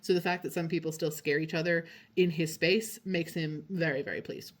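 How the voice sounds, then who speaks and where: A low-voiced woman narrates a travel vlog as a psychic tour guide. She talks in a casual, gushing way and drops in slang and fillers. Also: steady tone, fairly quick. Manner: chatty and enthusiastic, with frequent "like" and slang.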